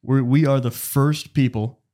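A young man co-hosting a casual podcast who reads notes aloud haltingly and restarts his sentences. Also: medium pitch, steady tone, mellow. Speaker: podcast co-host.

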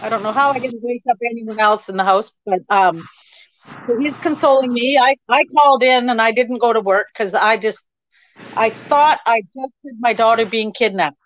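A middle-aged woman tells a personal story as an interview guest, halting often with many ums. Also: a little high, highs cut off. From Canada.

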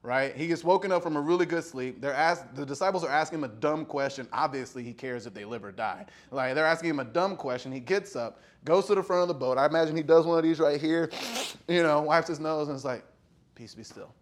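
A man's voice: on the high side, fast. A young adult man from Texas giving a sermon in a casual storytelling way, acting out quotes and using lots of fillers. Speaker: pastor.

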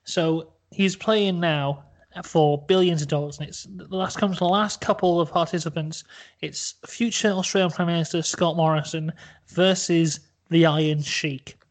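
A man's voice: a little high, fairly even intonation, moderate pace. Playful young man spinning a silly tale. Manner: playful, mock-dramatic. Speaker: podcast host. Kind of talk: comedic storytelling.

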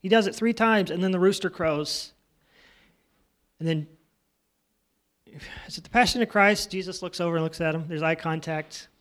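Man, high voice, children's church teacher, casual Bible storytelling, asks the kids questions. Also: normal speed, pauses often, fairly bright tone. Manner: retells scenes in his own casual words.

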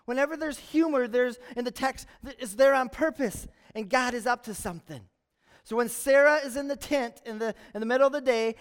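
High-voiced male pastor in a reverberant church. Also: clean tone. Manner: lively storytelling with humor, acting out quotes. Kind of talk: sermon. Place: church sanctuary.

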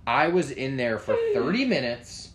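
A man telling a story in casual chat, animated and profane, jumping into a high yelp when he acts out his own panicked lines. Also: moderate pace.

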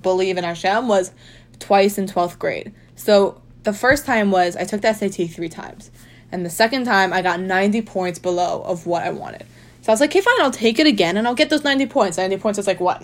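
A young adult woman telling a personal story in a casual, chatty way. She fills her speech with "like" and speaks with emphasis. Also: medium pitch. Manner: chatty, heavy use of "like", emphatic.

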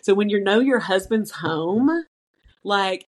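A woman co-hosting a chatty podcast, talking in a lively way and laughing as she goes through a list of tips. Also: medium pitch, slow pace. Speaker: podcast co-host. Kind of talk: casual chat.

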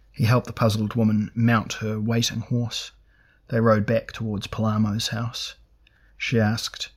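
A man narrating a fantasy novel in a measured, even storytelling manner. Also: fairly low pitch, breathy edge. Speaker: audiobook narrator.

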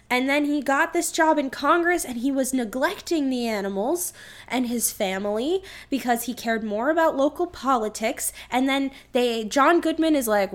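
Brief: high-pitched woman, animated and ranting, casual podcast co-host. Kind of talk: casual chat.

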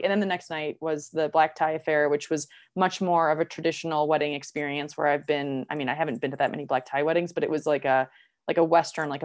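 A young woman chatting casually, her voice sitting a little low for a woman. She tells stories in a lively, rambling way, sprinkling in "like" and laughing often. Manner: animated, many "like" fillers, laughs while telling. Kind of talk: casual chat, storytelling.

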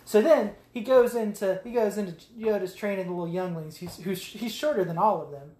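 A man's voice: sits high, brisk, few pauses, darkish tone. Profane man rambling through a movie recap. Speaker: podcast co-host. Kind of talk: casual podcast chat. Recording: echoey room.

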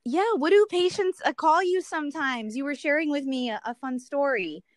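An upbeat woman hosts a casual interview show with a high, bright voice. Faint music plays behind her. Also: animated, moderate pace. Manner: upbeat, enthusiastic. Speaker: host, optometrist.

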